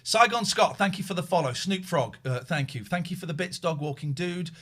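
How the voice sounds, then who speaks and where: A man hosting a casual livestream, chatting with a co-host and a caller, excitable and swinging from mumbles to shouts. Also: a little high, a little fast.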